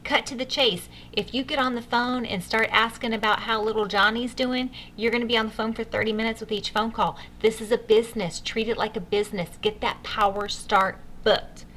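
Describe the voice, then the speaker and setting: A woman's voice: on the high side, fairly even intonation, brisk, few pauses, fairly bright tone, slight background noise. A woman leading a sales training session for new consultants, upbeat and coaching, speaking straight to her listeners. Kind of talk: enthusiastic sales training talk.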